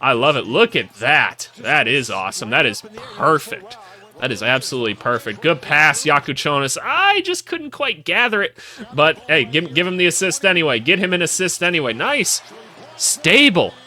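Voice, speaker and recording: Young guy hyped up reacting to hoops clips, bright voice, jokes around a lot. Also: fairly high pitch, moderate pace. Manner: excitable, jokey, voices players in asides. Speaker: basketball analyst. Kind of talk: casual video commentary over game clips.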